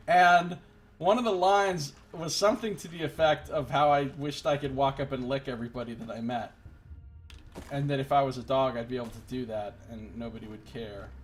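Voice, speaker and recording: A man streams himself playing a game, talking casually into a desk microphone in an ordinary mid-pitched voice. He rambles and jokes, now and then breaking into exasperated rants. Faint game music plays underneath. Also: fairly even intonation, moderate pace. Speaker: let's play streamer. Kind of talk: gameplay commentary.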